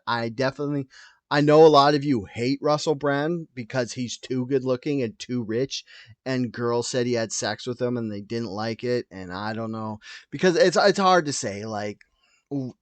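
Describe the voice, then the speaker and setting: A man's voice: mid-range voice, no room sound. Rambling, profane man hosting a podcast. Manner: rambling, tangent-prone, profane; loud and wired from coffee. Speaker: podcast host. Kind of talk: solo podcast rant.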